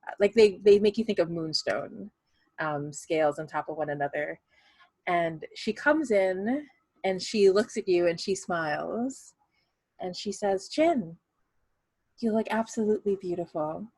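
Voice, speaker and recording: A woman's voice: lowish voice, unhurried, darkish tone, husky, no echo. A woman narrating a tabletop game as game master in a chatty, rambling way. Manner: chatty, many fillers and restarts, laughs.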